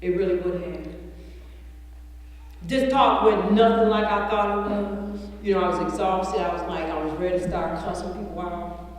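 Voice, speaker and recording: A woman's voice: on the low side, moderate pace, slight background noise. A woman giving a personal recovery testimony to a room, blunt and earthy, swearing and laughing as she talks. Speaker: recovery meeting speaker. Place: large meeting room. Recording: echoey room from far off.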